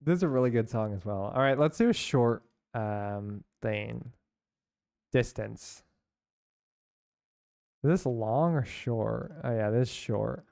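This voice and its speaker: A man's voice: medium pitch, expressive, takes it slowly, creaky, long pauses, darkish tone, dry recording, clean studio sound. A young man from San Francisco chatting casually with his chat while streaming a game, rambling and laughing along.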